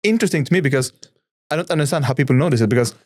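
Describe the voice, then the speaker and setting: A man's voice: medium pitch, animated, rapid-fire, no room sound, clean studio sound. A man in a casual podcast chat who stammers and repeats words while eagerly agreeing.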